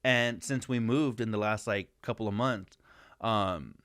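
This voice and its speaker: A man's voice: on the low side, measured pace, fairly bright tone, no echo, studio quality. Rambling, laughing man in casual chat. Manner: rambling, laughs often, swears freely. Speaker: podcast co-host.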